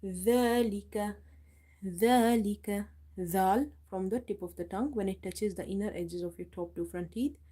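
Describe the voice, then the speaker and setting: A woman leads a live tajweed lesson in a mellow, warm voice. She recites each verse slowly, repeats it, then calmly explains the rule behind it. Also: mid-range voice, slightly rough. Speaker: Quran recitation teacher.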